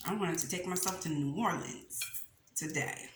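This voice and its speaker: A woman's voice: fairly low pitch, normal speed. A young woman hosting a mukbang, chatting casually as she eats and laughing often. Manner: chatty and animated, laughs often, addresses viewers as y'all. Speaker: mukbang host. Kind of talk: casual chat while eating on camera. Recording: echoey room with faint noise.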